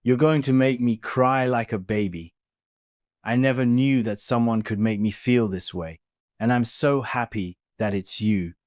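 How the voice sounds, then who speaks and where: A man voicing a tender, affectionate young man in love, speaking softly and sentimentally. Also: mid-range voice, measured pace, no room sound, natural voice. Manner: soft, gushing and sentimental. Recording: dull lo-fi recording.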